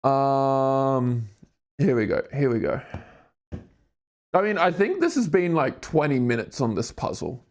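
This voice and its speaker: A man's voice: mid-range voice, very animated, measured pace, pauses often, darkish tone. A man in his twenties with an Australian accent, live-streaming while doing a jigsaw puzzle, rambling and joking at his own expense, with casual swearing. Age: 20s. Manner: rambling, jokey, self-mocking, swears casually.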